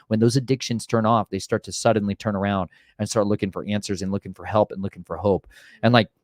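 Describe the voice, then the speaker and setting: A man with a Southern American accent telling a storm story in casual chat, lively and acting out dialogue, with a preachy streak. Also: fairly low pitch, quick pace, no room sound, clean studio sound. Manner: animated, acts out his own and others' voices in retold dialogue; preachy, mixes religious exhortation into talk. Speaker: vlogger sharing storm preparedness experiences.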